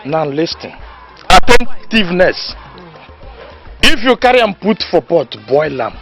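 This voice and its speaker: A boastful village know-it-all. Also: male voice, sits high, measured pace, music in the background, exaggerated voice. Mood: lecturing. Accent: Nigerian Pidgin. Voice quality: loud, lecturing, lively, laughs at own jokes. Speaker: village man lecturing a friend. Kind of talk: comedy film acting.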